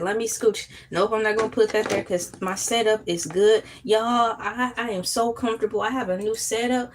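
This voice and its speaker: A woman hosting a casual morning livestream chat, playful and animated, often jumping into high squeals. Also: slight background noise. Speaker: livestream host.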